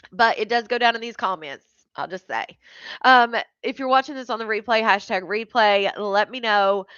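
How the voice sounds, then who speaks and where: Woman host, fairly high voice, casual live-stream chatter, dry dull home audio. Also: a bit bright, no echo. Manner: chatty, greets viewers by name, laughs often.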